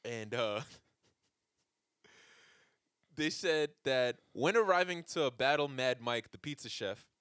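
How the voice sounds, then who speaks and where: A man co-hosting a podcast, telling stories in casual comedic chat, animated and profane, laughing often. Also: medium pitch, takes it slowly, long pauses, clean tone, no echo, clean studio sound. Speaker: podcast co-host.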